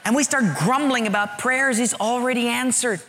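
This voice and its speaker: A middle-aged man preaching a sermon in a lively, conversational way with humor. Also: very high-pitched, normal speed. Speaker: pastor.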